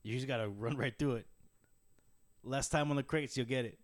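A man co-hosting a casual podcast chat. He talks in a laid-back way, laughs between thoughts and swears freely. His voice sits at an everyday mid pitch, recorded dry and close. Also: moderate pace, dry recording. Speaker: podcast co-host.

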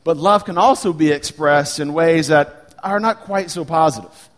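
A man in his thirties preaching a sermon as pastor, earnest and animated when he tells stories. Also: on the high side, normal speed.

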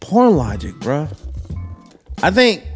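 A man co-hosting a casual chat, animated and laughing, acting out quotes in high voices. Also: slow, soft background music.

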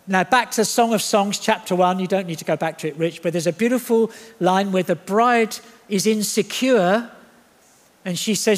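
A man preaching a sermon, his voice sitting high for a man. He is animated and jokey, and he acts out the voices he quotes. A long reverb trails behind him in a church hall. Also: moderate pace.

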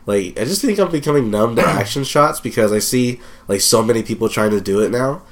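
A man's voice: mid-range voice, fairly quick. A young man co-hosting a casual podcast, laid-back and plain-spoken. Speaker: podcast co-host.

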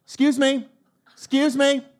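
A man voicing an angry, suspicious woman who keeps accusing a stranger, shrill and repeating herself. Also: little pitch movement, measured pace.

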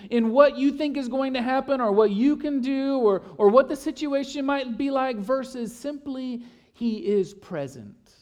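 A pastor preaching a sermon, stacking phrases in repeated lists and dropping to a hush when quoting scripture. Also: male voice, sits high. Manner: repeats words and builds emphasis in lists.

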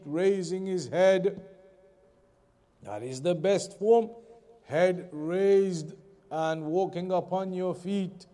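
A man teaching a Quran commentary lesson, reading passages quickly in Arabic, then explaining them slowly in English with repetition. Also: sits high, dark tone. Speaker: Islamic teacher.

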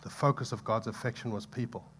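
Male pastor mid-sermon, impassioned, swings loud to soft, mid-pitched. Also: steady tone, fast, slight background noise. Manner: impassioned, building to loud pleading peaks then dropping soft; conversational asides to the congregation.

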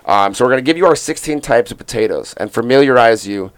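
A man's voice: mid-range voice, lively intonation, fast, clear, resonant tone. A young man hosting a casual sports podcast, rambling and joking with lots of fillers and restarts. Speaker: podcast host.

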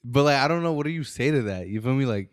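A man's voice: medium pitch, animated, quick pace, clean tone, dry recording, clean studio sound. A man co-hosting a podcast, chatting casually with friends and swearing easily. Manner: swearing, laid-back banter. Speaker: podcast co-host. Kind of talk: casual chat.

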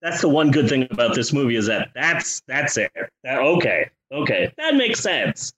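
A man co-hosting a comedy movie-review podcast, talking in a profane, sarcastic, animated way. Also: mid-range voice, normal speed, crowd noise, poor audio. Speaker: podcast co-host.

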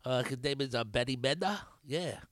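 A man's voice: medium pitch, moderate pace, no echo, clean studio sound. A man hosting a podcast in casual chat, rambling, swearing a lot and laughing at his own jokes. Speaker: podcast host.

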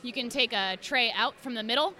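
A young woman cosplayer, a podcast guest, telling stories in a lively, laughing way. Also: fairly high pitch, a little fast, a faint crowd. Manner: animated, laughing storyteller. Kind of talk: casual podcast chat.

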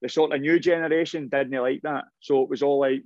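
A man's voice: mid-range voice, steady tone, a little fast, a little mellow, no room sound, lo-fi sound. A middle-aged man, a former footballer, telling long rambling anecdotes in a casual interview, restarting his sentences often.

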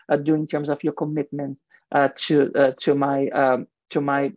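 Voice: mid-range voice, little pitch movement, brisk, no echo. A guest in marketing and advertising speaks earnestly in a radio interview with a heavy accent and frequent restarts. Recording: dull lo-fi radio sound, dry.

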